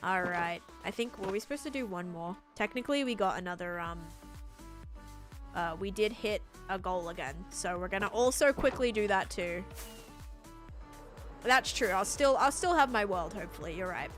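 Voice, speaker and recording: An Australian woman chats easily with her stream audience while she builds, greeting followers and thinking out loud. Her voice sits at a middle pitch, with soft music playing faintly underneath. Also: animated, normal speed. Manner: chatty, talks to chat while building. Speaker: live streamer. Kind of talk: casual live-stream chat while playing.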